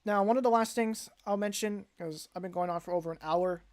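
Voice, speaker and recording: A man's voice: sits high, fairly quick, darkish tone. A young man hosting a casual livestream announcement as a league organizer, rambling and often correcting himself mid-sentence. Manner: rambling, frequent self-corrections and restarts.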